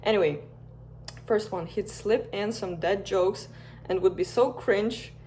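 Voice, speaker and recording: Softly reading woman storyteller. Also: mid-range voice, slight background noise. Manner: soft and unhurried, drifting into casual rambling asides. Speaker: fan content creator. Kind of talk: reading a bedtime-story scenario and chatting.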